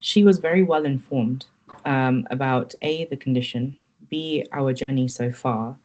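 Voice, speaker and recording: A woman's voice: a bass voice, measured pace, darkish tone, lo-fi sound. Earnest woman recounting a personal experience. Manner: earnest, reflective, candid. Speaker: podcast guest, parent. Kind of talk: personal account in interview.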